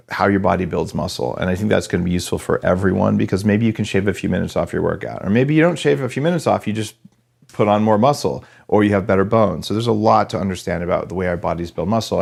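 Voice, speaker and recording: A man from New Mexico hosting a podcast interview in a chatty, joking way. His voice sits on the low side with a gravelly rasp. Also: darkish tone. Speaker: podcast host.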